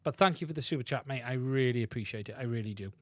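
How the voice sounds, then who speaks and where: A man's voice: mid-range voice, rapid-fire, fairly bright tone, no room sound. A man hosting a casual livestream, chatty and self-deprecating, often repeating himself. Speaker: livestream host. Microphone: studio mic through podcast mixer.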